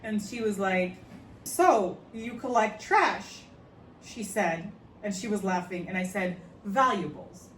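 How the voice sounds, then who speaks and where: A woman's voice: medium pitch, lively intonation, slow, fairly bright tone, recorded from a distance. A woman casually telling a dating story, acting out the dialogue and laughing often. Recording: echoey room, voice from off-mic, faint noise.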